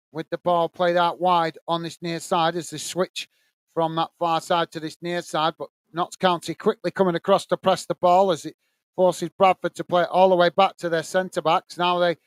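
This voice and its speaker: High-voiced man doing fan commentary. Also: clear, resonant tone, dry recording. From England. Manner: casual, reads viewer messages between play-by-play. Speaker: watch-along host. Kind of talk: live fan commentary and chat reading.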